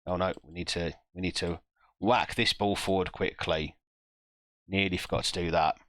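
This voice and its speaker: A man streaming a football management game, reacting live with self-mocking groans and quick asides to chat. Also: low voice, fairly even intonation, a bit bright, dry recording.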